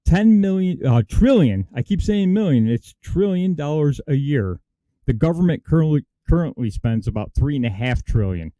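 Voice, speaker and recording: A man's voice: on the high side, expressive, moderate pace, mellow, no echo. A man, co-hosting a casual political talk show in an emphatic, indignant way.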